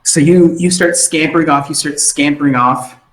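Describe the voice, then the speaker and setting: A man's voice: on the high side, normal speed. Man narrating as a game master in an echoey room. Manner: animated, acting out side characters.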